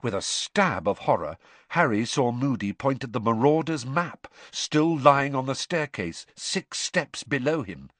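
A man narrating a novel as an audiobook, in an expressive, dramatic storytelling way, recorded in a studio. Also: mid-range voice, measured pace, no room sound.

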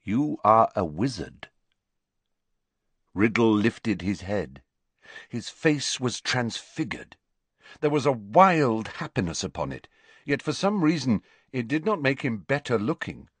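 A man narrating an audiobook in slow, expressive storytelling. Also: mid-range voice, breathy edge, no echo.

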